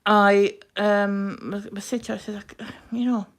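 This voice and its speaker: A woman with a broad Scottish accent chatting quickly and casually to viewers on a live craft stream while she stitches. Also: medium pitch, flat delivery. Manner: quick-talking, chatty, self-deprecating. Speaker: craft livestream host.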